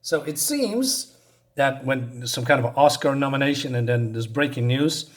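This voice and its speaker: A man casually reviewing a comic book on his channel, talking in a loose, hesitant, rambling way as he recaps the story. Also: medium pitch.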